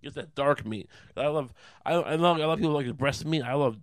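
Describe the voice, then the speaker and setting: A man's voice: fairly high pitch, a little fast, no room sound. A man hosting a podcast, ranting in a profane, rambling comedic way. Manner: profane, rambling, laughing at his own jokes. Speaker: podcast host. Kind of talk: casual comedic rant.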